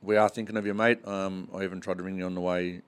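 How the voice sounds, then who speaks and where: A man with an Australian accent, co-hosting a podcast in a relaxed, chatty way with lots of ums and yeahs. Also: deep voice, fast, clear, resonant tone. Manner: easygoing, fills with "um" and "yeah". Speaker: podcast co-host. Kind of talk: casual chat.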